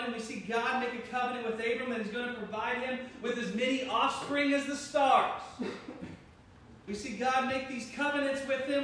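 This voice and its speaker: Very high-voiced joking preacher man. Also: a bit bright, distant mic. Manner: joking, self-deprecating, teasing the congregation. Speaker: pastor. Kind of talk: sermon. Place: church hall. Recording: very echoey room, voice from afar, faint noise.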